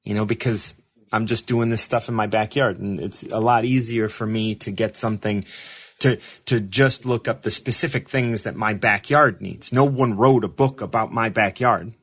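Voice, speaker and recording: A man hosting a show, telling a rambling, self-mocking story in casual chat, animated, with laughs and restarts. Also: fairly low pitch, moderate pace, breathy edge. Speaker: show host.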